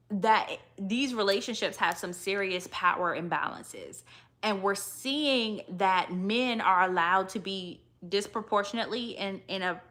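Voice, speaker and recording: Emphatic, sassy woman recapping reality TV. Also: mid-range voice. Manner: animated, emphatic, sassy asides. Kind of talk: live aftershow commentary.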